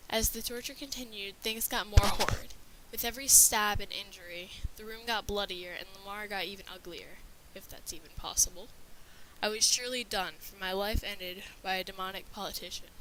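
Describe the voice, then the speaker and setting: A woman's voice: mid-range voice, fairly quick, sharp tone, slight background noise, rough recording. A woman narrating a scripted horror story with a dramatic reading manner.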